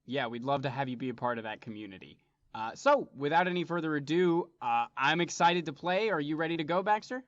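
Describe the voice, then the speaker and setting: A relaxed, friendly man co-hosting a show and playing a character in a tabletop game. The sound is dry and a bit dull, close to a plain home mic. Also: fairly high pitch, brisk, no room sound. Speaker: co-host and player.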